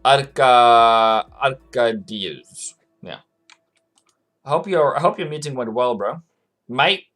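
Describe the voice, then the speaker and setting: A man's voice: mid-range voice, expressive, slow pace, long pauses, fairly bright tone, soft background music. A man hosting a live trading stream, chatting casually, answering viewers by name and laughing often. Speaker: forex trading livestream host.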